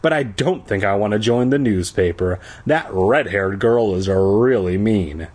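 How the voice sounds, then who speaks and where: A man voicing a calm, soft-spoken schoolgirl. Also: on the low side, a little slow, slightly rough, voice pushed down.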